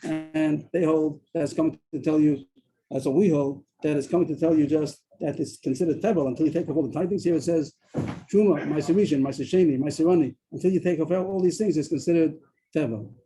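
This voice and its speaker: A man leads a Talmud study class on a video call. He explains at a rapid clip in a dark, mellow voice, often stopping to restart his sentences. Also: a little high, poor audio. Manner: explains quickly, with frequent restarts.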